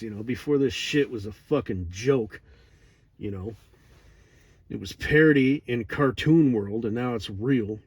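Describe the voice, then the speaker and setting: Middle-aged guy rambling slow and deadpan, cussing, dry close sound. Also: medium pitch, breathy edge, no echo. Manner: digressive, profane, deadpan. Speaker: vlogger. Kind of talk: rambling monologue.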